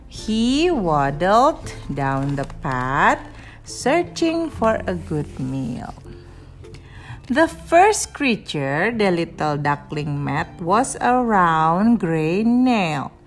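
A woman reading a children's story aloud to a little listener, slow and expressive, stopping to explain. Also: on the low side, faint music behind. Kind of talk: children's story read-aloud with asides in Indonesian.

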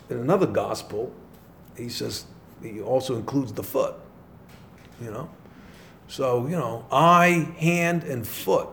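Chatty priest giving a meditation. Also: male voice, medium pitch, slow pace, vocal fry, long pauses. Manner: conversational, many fillers, animated storytelling. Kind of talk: spoken meditation.

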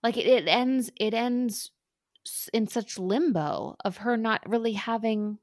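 Slow easygoing woman chatting on a podcast, laughs at herself, dry room. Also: a little high, dry recording. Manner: easygoing, laughs, self-deprecating. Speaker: podcast co-host. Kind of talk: casual chat.

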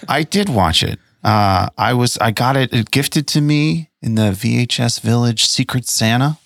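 A man's voice: mid-range voice, moderate pace, creaky, a bit bright, slight background noise. A man co-hosting a casual podcast, musing thoughtfully and hedging his words. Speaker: podcast co-host, movie insider. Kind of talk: casual chat.

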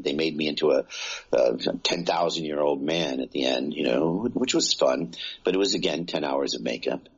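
A man with a very low, gravelly voice, chatting about his acting work in an easygoing interview. He talks loosely, with lots of fillers and restarts, his tone a bit husky. The audio is muffled and lo-fi. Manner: rambling, many fillers and restarts. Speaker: actor guest. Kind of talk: casual interview chat.

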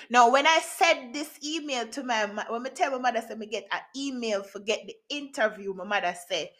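A woman with a Jamaican accent hosting a podcast, telling a personal story in a lively, casual way with patois, laughing often. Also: on the high side, brisk, hardly any pauses. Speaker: podcast host.

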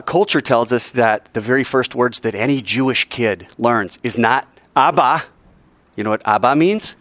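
A man's voice: mid-range voice, dry recording. Man coaching a class through call-and-response. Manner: energetic, coaxing, drills the class line by line. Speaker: teacher.

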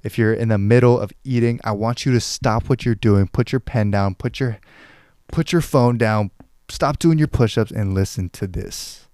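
A man delivers a fired-up motivational talk, pushing the listener hard and swearing freely. His voice is smooth and clear at a middling pitch. It is recorded close to the mic in a dry, dead room. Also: moderate pace, a little mellow, no room sound. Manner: intense, exhorting, swears freely. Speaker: podcast host.

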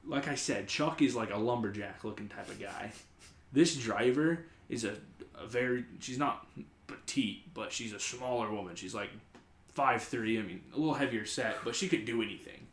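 In a reverberant space, a man with a mid-range voice hosts a podcast at normal speed. The story he tells meanders, leaning on "like" constantly, and his retelling is lively and casual.

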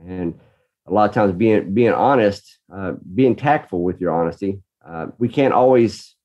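A man's voice: lowish voice, normal speed, lo-fi sound. A man in a casual conversation, earnestly telling a story about being a parent. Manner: earnest storyteller, reenacts his own shouting.

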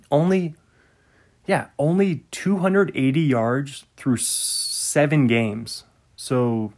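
A man hosting a casual solo podcast, rambling and easily sidetracked, laughing at himself. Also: mid-range voice.

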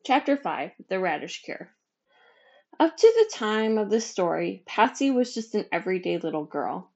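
A woman reading a children's book chapter aloud, with lively, expressive delivery. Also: medium pitch, normal speed, muffled recording. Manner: expressive, animated. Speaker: storybook reader. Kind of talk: children's story read-aloud.

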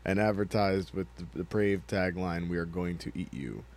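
A man's voice: low-pitched, normal speed, darkish tone. A man co-hosting a casual podcast, reading old movie blurbs aloud in a mock-dramatic trailer style and breaking into laughs. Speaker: podcast co-host.

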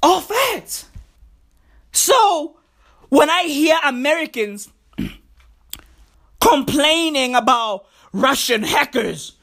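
A woman in a comedic rant, animated and shouty, full of profane slang. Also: high voice, extremely slow, gravelly, pauses often.

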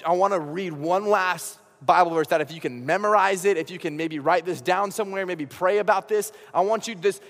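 Young man, youth pastor, casual lively storytelling sermon, high voice, long church-hall reverb. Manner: casual, animated storytelling with acted-out dialogue.

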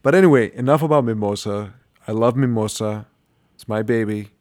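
A man's voice: on the low side, brisk, darkish tone, no room sound, studio quality. A man co-hosting a podcast, rambling and self-mocking in a casual chat. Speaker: podcast co-host and restaurant owner.

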